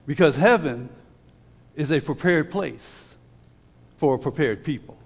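A man preaching a sermon with emphasis, slowing down to read scripture aloud and dropping into relaxed, stumbling asides to the congregation. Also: on the high side, husky, in a large hall. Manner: emphatic, slows down when reading scripture; conversational asides with repeated restarts.

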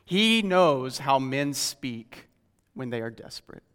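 A man preaching a sermon in an earnest, questioning way, slowing down when he reads scripture aloud. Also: medium pitch, big pitch swings, fairly bright tone, smooth, long reverb tail.

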